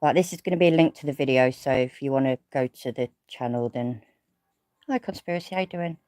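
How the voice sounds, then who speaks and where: A woman's voice: very deep voice, fast talker, warm tone, no echo, clean studio sound. A woman hosting a casual livestream from bed, rambling and self-deprecating as she greets her viewers by name. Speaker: livestream host. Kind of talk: casual live chat. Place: in bed, away from home. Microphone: audio only, no camera.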